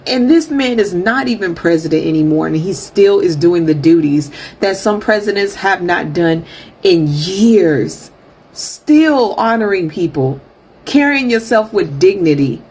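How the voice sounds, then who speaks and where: A woman's voice: on the low side, lively intonation, unhurried, a little mellow, breathy edge. A woman giving an earnest, wistful reaction monologue. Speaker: commentator.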